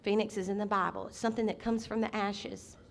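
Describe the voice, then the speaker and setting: A middle-aged woman preaching a sermon as senior pastor, impassioned, with sudden loud outbursts. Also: medium pitch, fairly even intonation, quick pace, creaky, a little hiss or hum.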